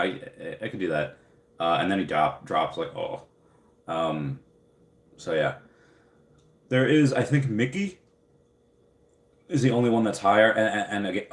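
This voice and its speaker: A young man with a deep voice hosts a casual livestream in an echoey room. Upbeat and rambling, he reads viewer comments aloud and fills his talk with lots of fillers.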